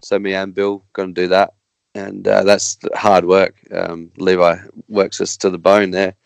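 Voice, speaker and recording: An Australian man, a guest racer, chatting casually on a podcast in a halting, rambling way with many restarts. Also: sits low, completely flat delivery, creaky, smooth, dry recording.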